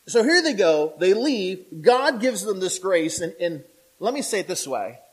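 A male pastor preaching a sermon in a conversational, animated way, asking the listeners questions and acting out the voices of people in the story. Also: sits high, a little slow, slightly rough, rough recording. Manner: animated, acts out quoted voices; conversational, asks the audience questions.

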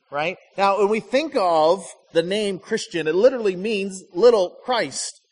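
Male pastor from Michigan, fairly high voice, chatty sermon with storytelling, reverberant hall. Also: a little slow, few pauses, darkish tone. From Michigan, USA. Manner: storytelling, acts out quoted voices. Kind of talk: conversational sermon.

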